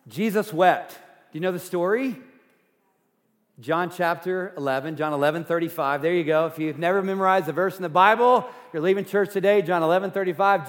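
A man preaching a sermon as pastor, earnest, going from loud emphasis to hushed softness. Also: a little high, long reverb tail. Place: church sanctuary.

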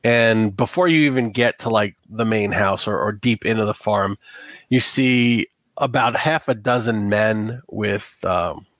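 A man narrating a tabletop role-playing game as game master, talking in a halting way with many restarts and fillers. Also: fairly low pitch, a bit bright, no room sound.

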